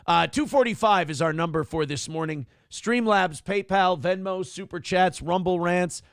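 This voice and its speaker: A man with a high voice hosts a morning livestream from a small studio, chatting crudely, sarcastically and ramblingly at normal speed. There's no echo on the audio.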